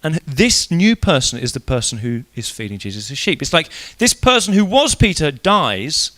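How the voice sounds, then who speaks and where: Animated, high-pitched male preacher. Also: normal speed. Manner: animated storytelling, acting out quoted voices; casual, conversational with frequent "like". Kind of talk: evening church sermon.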